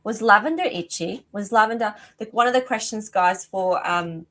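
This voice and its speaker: A middle-aged woman hosts a live psychic reading as an animal communicator. Her voice sits at an average pitch, and she talks in a warm, effusive stream that keeps stopping and restarting mid-sentence. A rooster crows outside her window. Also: normal speed. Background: rooster crowing outside.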